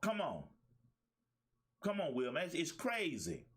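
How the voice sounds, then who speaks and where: Man, talk show host, life coach, preachy monologue, emphatic repetition, lively pitch. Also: measured pace, slight background noise. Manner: preachy, emphatic, repeats phrases; colloquial, casual speech.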